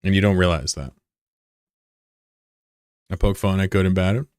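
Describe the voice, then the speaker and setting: Guy streamer talking to chat, blunt and worked up, lowish voice, dry sound. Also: measured pace, darkish tone, no echo. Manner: blunt, heated scolding. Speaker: livestreamer. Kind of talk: casual live-stream talk to chat.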